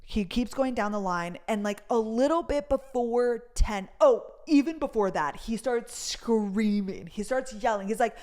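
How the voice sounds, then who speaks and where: A young adult woman chatting casually in a storytime vlog, swearing freely and retelling events in a lively way. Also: a little high, unhurried, few pauses. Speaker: vlogger.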